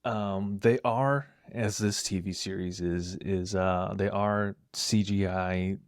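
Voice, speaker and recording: A man co-hosting a podcast in casual chat, explaining things hesitantly with many pauses and fillers. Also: deep voice, steady tone, dry recording, clean studio sound. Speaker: podcast co-host.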